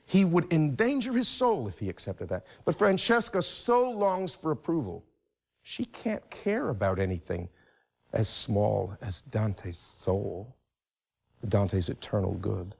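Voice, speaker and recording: A man giving a measured, emphatic lecture, closely reading a text and repeating key phrases for stress. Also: fairly low pitch, sing-song, vocal fry, breathy edge. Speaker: literature lecturer.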